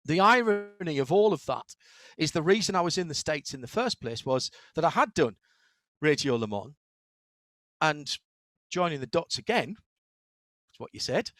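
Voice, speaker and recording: A middle-aged man with a Northeast English accent, chatting in an interview as a guest, telling stories quickly with frequent restarts. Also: fairly high pitch, no echo. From Northeast England. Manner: fast-talking, animated storyteller with frequent restarts. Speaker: guest, motorsport commentator. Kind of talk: casual interview conversation.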